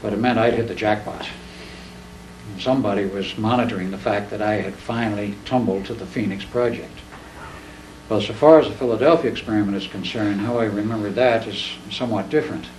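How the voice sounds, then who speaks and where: The recording catches an older man from well back in a reverberant presentation room, with faint noise underneath. Telling stories to an audience, he uses a low, darkish, folksy voice, unhurried and plain-spoken, and imitates people he quotes.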